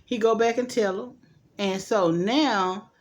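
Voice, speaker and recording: A woman's voice: mid-range voice, fairly even intonation. A woman recapping a TV episode in casual chat, sassy and playful, tossing in asides and acting out the characters' lines. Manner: chatty and sassy, quick asides like "child" and "boo"; acts out the characters' lines in quick changes of voice. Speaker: TV recap host.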